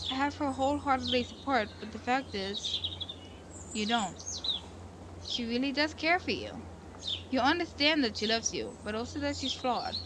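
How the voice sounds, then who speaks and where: Woman gamer, chatty and giggly, reads the game text aloud; voice on the high side, noisy outdoor-sounding recording. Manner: rambling, giggly, emotional reactions. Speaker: gaming video creator. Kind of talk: reading a visual novel aloud and commenting.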